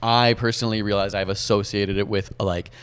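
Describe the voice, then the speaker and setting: A man's voice: on the low side, little pitch movement, fairly quick, fairly bright tone, clear, resonant tone. A man co-hosting a podcast, talking casually and thoughtfully with many fillers. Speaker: podcast co-host. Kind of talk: casual chat.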